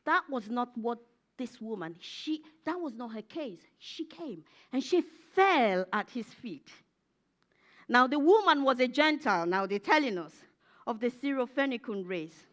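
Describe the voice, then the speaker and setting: Female preacher, high and animated, emphatic and repetitive sermon delivery. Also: unhurried. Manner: emphatic, repetitive, rising to fervent peaks. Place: church.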